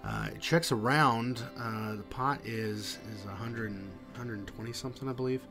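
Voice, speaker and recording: A man giving voice-over commentary on his poker hands, halting and full of fillers. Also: medium pitch, big pitch swings, over music. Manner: halting, many fillers and restarts. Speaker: poker vlogger.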